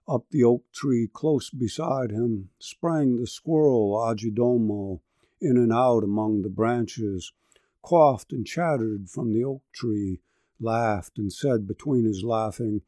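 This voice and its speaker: A man narrating a long narrative poem in a measured, rhythmic verse delivery. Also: mid-range voice, mellow, no echo. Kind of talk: narrative poetry reading.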